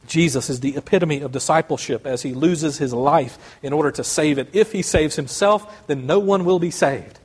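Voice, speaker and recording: A man's voice: a little high, breathy edge. A male pastor preaching a sermon and reading a story aloud, earnest and sometimes restarting words.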